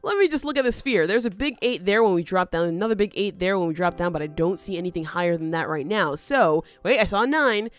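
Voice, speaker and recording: A woman's voice: lowish voice, animated, quick pace, few pauses. A woman hosting a let's play, giving chatty gameplay commentary, talking back to the game and laughing often.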